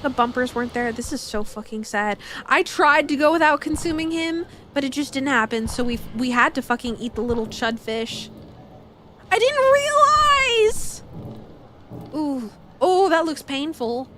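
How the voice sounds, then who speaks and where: A woman's voice: sits high, moderate pace, few pauses, a bit bright, slight background noise. A young woman streaming a game, chatting casually, telling jokes, swearing, and breaking into squeals and giggles. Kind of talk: casual gameplay commentary.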